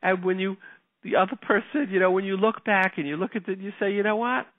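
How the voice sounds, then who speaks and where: A man, a rabbi giving a lecture, telling a story in a lively way and acting out the quotes. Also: high-pitched, quick pace, dry recording. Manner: animated, acts out the quotes in his stories. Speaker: rabbi and speaker. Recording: tinny phone-like, dry sound.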